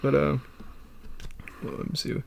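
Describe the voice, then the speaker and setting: A young man co-hosting a casual podcast chat, telling rambling stories with lots of laughing and swearing. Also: a little slow. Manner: rambling storytelling, laughs often, swears a lot. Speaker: podcast co-host.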